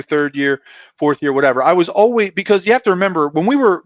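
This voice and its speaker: A man, a former football player, tells stories on a fan show with a fairly high voice, acting out everyone he quotes. The sound is dry and dull, with no room at all. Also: no room sound. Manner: animated, acts out voices in his stories. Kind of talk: casual storytelling on a fan show.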